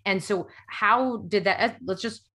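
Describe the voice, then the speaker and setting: A woman's voice: medium pitch, measured pace, fairly bright tone, slight background noise. A woman co-hosting a podcast, chatting and working her way toward a question for the guest. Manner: conversational, building up a question. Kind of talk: casual podcast interview.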